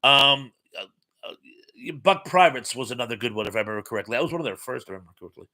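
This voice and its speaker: A man talks casually on his own live stream, reading viewer comments and reacting to them. His voice is bright and forward, at an ordinary pitch for a man. He rambles loosely and drops in frequent ums and uhs. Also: expressive, fast talker.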